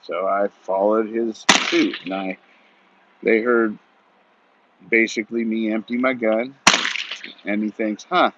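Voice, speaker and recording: A man in his forties telling a story in a rambling, folksy way, outdoors at shooting practice, on muffled audio with loud gunfire. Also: lowish voice, little pitch movement, slow, pauses often, heavy background noise. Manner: rambling folksy, many "you know" and "he goes". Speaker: vlogger. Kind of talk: casual storytelling monologue.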